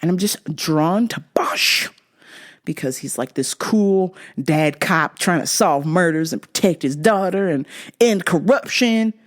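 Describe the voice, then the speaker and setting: A woman podcast host telling a story in a casual, profane, animated way. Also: lowish voice, measured pace. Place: in London.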